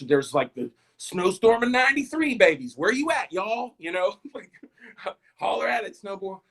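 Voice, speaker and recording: A man's voice: fairly high pitch, a bit bright, poor audio. A man in his thirties hosting a live stream, rambling through stand-up style jokes, self-deprecating and talking straight to his viewers.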